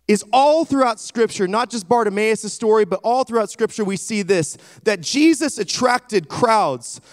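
A male preacher with a high voice delivers an emphatic sermon, dramatically retelling a scripture story. He calls on the congregation to respond. The sound is dry and close. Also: no room sound.

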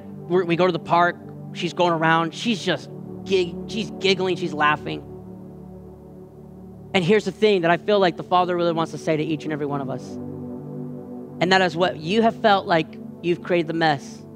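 Animated high-voiced male preacher telling a story. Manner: animated storytelling, acting out the voices of his daughter and others. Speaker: pastor. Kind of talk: sermon.

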